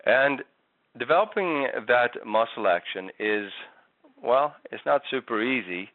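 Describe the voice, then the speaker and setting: A man's voice: mid-range voice, expressive, unhurried, dry recording. A man giving a singing lesson, patiently explaining vocal technique with frequent restarts. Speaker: singing teacher. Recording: tinny phone-like audio.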